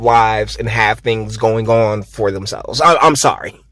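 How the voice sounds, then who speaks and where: A man's voice: on the low side, measured pace, fairly bright tone, no room sound. A man in his thirties ranting sarcastically as a vlogger, swearing freely and restarting his sentences often. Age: 30s. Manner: sarcastic, profane, many restarts. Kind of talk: ranting commentary.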